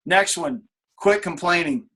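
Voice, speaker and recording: A man's voice: high voice, lively intonation, unhurried, fairly bright tone, slightly rough. A man in his late thirties leading a motivational team call, blunt and casual, swearing freely and repeating his key points. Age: late 30s. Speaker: team leader on a coaching call.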